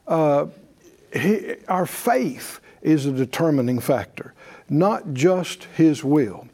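A man's voice: a little high, lively intonation, takes it slowly, a little mellow, slightly rough. A man teaching a faith class in a conversational sermon style, with frequent fillers and restarts, leading his audience in call-and-response.

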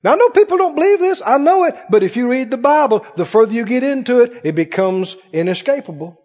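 A man preaching from the pulpit in a high, husky voice that leaps up and down in pitch. He drives his points hard, then drops to a near hush. The recording is dull and carries a long church-hall echo. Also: lively intonation, fast talker. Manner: emphatic preacher, swings from loud to hushed. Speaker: pastor. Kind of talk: sermon. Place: church sanctuary.

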